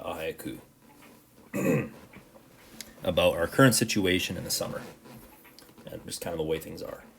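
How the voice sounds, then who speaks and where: A man with a deep, low voice teaches a recorded class lesson. He explains step by step and keeps checking in with his students. Faint noise sits under the recording. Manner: explains patiently, checks in with "right?".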